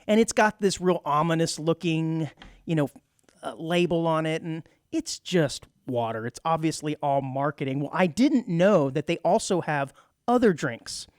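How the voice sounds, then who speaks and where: Casting note: male radio co-host, fairly high voice, jokey, reads news aloud, dry studio sound. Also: moderate pace, dry recording. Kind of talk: casual studio chat.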